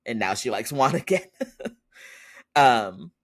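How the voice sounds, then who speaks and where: A man's voice: medium pitch, expressive, slow. A man hosting a podcast, casually recapping a TV episode in a chatty way and laughing often as he retells it. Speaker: podcast host.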